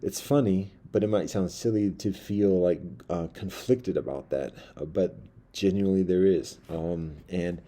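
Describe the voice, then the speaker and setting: A man's voice: sits low, a little slow, warm tone. A man telling a personal story in a casual, rambling monologue with many asides. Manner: rambling, loose, full of fillers and asides.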